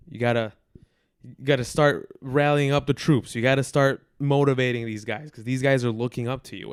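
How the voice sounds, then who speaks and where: A man's voice: a little high, clear, resonant tone, no echo, clean studio sound. A man in his twenties hosting a football podcast, bluntly venting his frustration and repeating points for emphasis. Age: 20s. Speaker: podcast host. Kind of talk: football commentary monologue.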